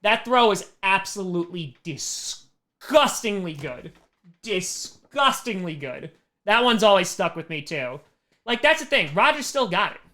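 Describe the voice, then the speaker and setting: A man, a comedian, reads fan questions aloud on a casual livestream and answers them with quick, self-mocking jokes and laughs. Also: high voice, very animated, sharp tone. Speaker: comedian hosting a fan Q&A stream.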